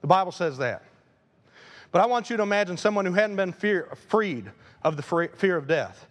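Male pastor, high voice, animated sermon delivery with loud emphases and soft asides, in a church. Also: normal speed. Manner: animated preaching, swings between loud emphasis and quiet asides. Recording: long hall reverb.

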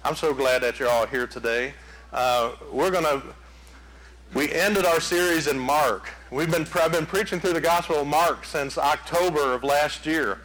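A man preaching a sermon, telling folksy stories in an animated way. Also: on the high side, normal speed, slight background noise, poor audio. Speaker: pastor.

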